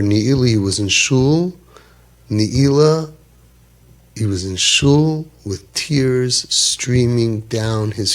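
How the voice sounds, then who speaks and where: A man in his fifties telling a personal story animatedly, peppered with Yiddish and Hebrew words. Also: on the low side. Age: 50s. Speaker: storyteller speaker.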